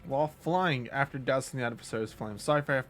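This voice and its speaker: A man's voice: medium pitch, quick pace, fairly bright tone. A man casually commenting on his live gameplay in a playful, jokey way, laughing often. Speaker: game streamer. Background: faint game music.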